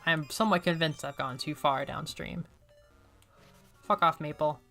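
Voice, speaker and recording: A woman streamer chatting casually and excitably while she plays a video game, often joking at her own expense. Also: sits low, normal speed, creaky, soft background music. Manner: chatty, excitable, self-deprecating. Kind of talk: casual gameplay commentary.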